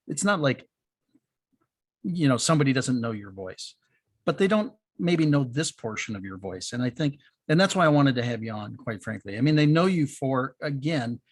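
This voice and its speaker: A man's voice: mid-range voice, husky, no room sound. A man hosting an interview show, speaking with enthusiastic praise for his guest. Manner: enthusiastic, affirming. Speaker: host.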